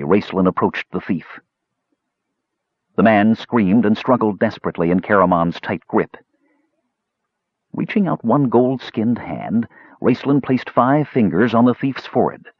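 Man narrating with a lively husky voice. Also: on the low side, dry recording, highs cut off. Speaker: audiobook narrator. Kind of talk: scripted narration.

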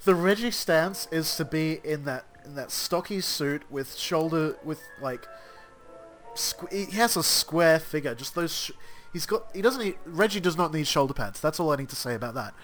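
A man's voice: on the high side, animated, normal speed, a bit bright, soft background music. A man hosting a podcast, joking and rambling in casual chat with frequent laughter. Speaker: podcast host.

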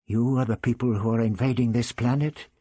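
A man's voice: mid-range voice, steady tone, brisk, warm tone, no echo, clean studio sound, close to an everyday voice. A man voicing an eager young man who asks pressing questions.

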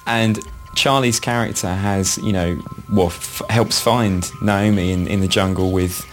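A man interviewing a guest, asking friendly, halting questions. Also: sits low, steady tone, soft background music. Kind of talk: casual interview.

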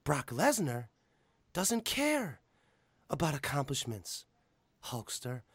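A man impersonating a scheming wrestling manager who drops to a hush and then builds to a roar. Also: medium pitch, huge pitch swings, slow pace, breathy edge, no echo, clean studio sound, voice pushed down, heavily acted. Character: scheming male wrestling manager, dramatic advocate.

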